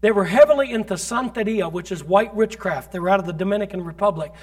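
A man preaching as a pastor, telling stories from his ministry with emphatic delivery that rises to loud peaks. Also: sits high, quick pace. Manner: storytelling, recounting ministry experiences. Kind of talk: sermon.

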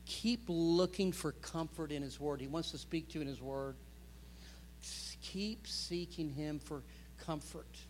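A man in his fifties preaching a sermon, building to loud, impassioned stretches and acting out quoted prayers. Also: on the high side, unhurried, in a large hall, slight background noise. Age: 50s. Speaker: pastor.

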